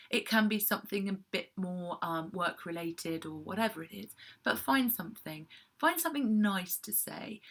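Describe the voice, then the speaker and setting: Bright, chatty English woman giving advice. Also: lowish voice. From England. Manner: chatty, animated, self-deprecating asides. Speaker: PR coach vlogger. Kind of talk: casual advice to camera.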